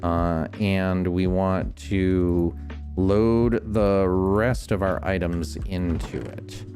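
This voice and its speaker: A man streaming a game, calmly explaining each step as he builds and thinking aloud. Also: sits low, very slow, soft background music. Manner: relaxed, many ums and restarts. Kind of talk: casual gameplay commentary.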